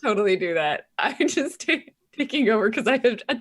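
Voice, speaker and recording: A woman taking part in a tabletop game, chatting casually with an eager, giggly manner. Her voice sits fairly high and moves around a lot. Her tone is bright. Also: sing-song, brisk. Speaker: player.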